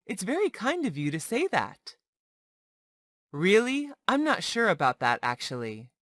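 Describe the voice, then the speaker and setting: A woman reading short English practice phrases for learners, one at a time, in a slow and deliberate drill. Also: mid-range voice, huge pitch swings, fairly bright tone, dry recording, studio quality. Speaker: English teacher.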